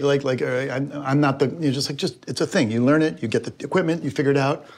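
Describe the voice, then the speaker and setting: A man's voice: mid-range voice, steady tone, fast talker. Guy guesting on a casual chat, rambly, lots of restarts.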